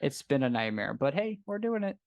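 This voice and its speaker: A man's voice: medium pitch, sing-song, a little fast, vocal fry. A man in his thirties co-hosting a movie stream, talking in casual chat with a sarcastic, teasing manner. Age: 30s. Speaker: co-host.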